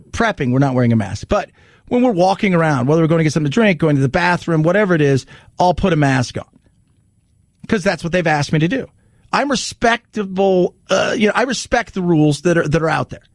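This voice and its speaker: A man's voice: on the high side, fairly quick, no echo. A man hosting a talk radio show in his studio, chatting casually and acting out voices when he tells a story. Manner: animated storyteller who acts out voices in jokes.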